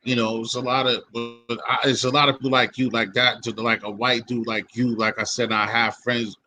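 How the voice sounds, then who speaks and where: A man's voice: mid-range voice, normal speed, soft background music, rough recording. A man from hosting a casual chat, rambling in street slang with many restarts. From Boston. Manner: rambling, restarts, animated quoting. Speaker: podcast host.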